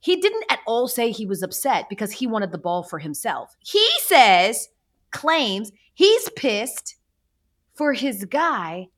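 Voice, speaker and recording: Animated chatty woman host. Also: on the high side, takes it slowly. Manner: animated, chatty storytelling with sarcastic asides. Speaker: podcast host. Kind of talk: casual chat.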